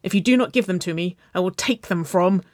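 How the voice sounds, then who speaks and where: A woman voicing a brash, teasing fifteen-year-old girl who yells theatrically in a storybook reading. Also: on the low side, moderate pace, dry recording, studio quality, lightly acted. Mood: mock menace. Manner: loud, playful, theatrical yelling.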